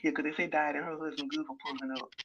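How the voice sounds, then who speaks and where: Hushed woman whispering gossip at work. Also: low-pitched, level tone, very fast. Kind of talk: casual gossip chat. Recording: dull lo-fi sound with faint noise.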